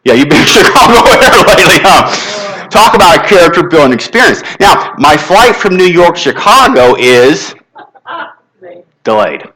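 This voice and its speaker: Male motivational speaker, fairly high and bright, very animated, leads the congregation in call-and-response. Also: normal speed, low-quality recording. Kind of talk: inspirational talk to a congregation. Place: spiritual center sanctuary.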